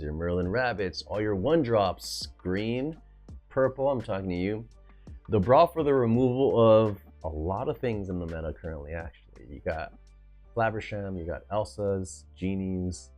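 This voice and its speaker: A card game video host with a low voice runs a casual deck review, sounding excitable and full of hype. He often trails off and restarts his sentences.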